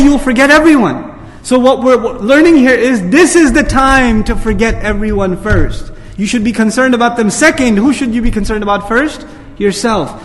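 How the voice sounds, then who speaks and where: A man with an extremely high voice, an Islamic speaker, delivers an earnest sermon with a long reverb tail. He pushes pointed rhetorical questions at the audience and presses his points home, building to emphatic peaks.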